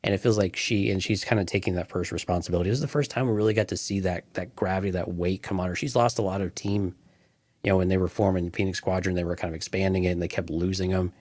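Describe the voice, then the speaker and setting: Male co-host, deep voice, thoughtful and earnest, dry close recording. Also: fairly even intonation, quick pace, a little mellow, no echo. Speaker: podcast co-host. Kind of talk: casual fan podcast chat.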